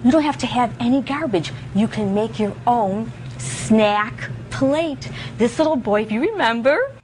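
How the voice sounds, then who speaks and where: A woman leading an interactive lesson for young children, with an animated sing-song teacher voice that swoops high when she praises them. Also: a little hiss or hum. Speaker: visiting presenter teaching children. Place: school room with children.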